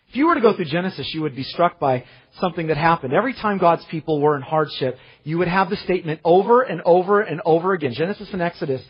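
Brief: male pastor, emphatic sermon delivery, slightly high, husky voice, long hall reverb, muffled audio. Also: lively intonation, fairly quick. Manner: emphatic preaching with dramatic scripture reading.

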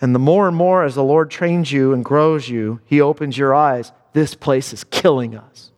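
A man preaching a sermon with impassioned delivery, dropping low and quiet then rising to high exclamations. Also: normal speed, long reverb tail. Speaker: pastor.

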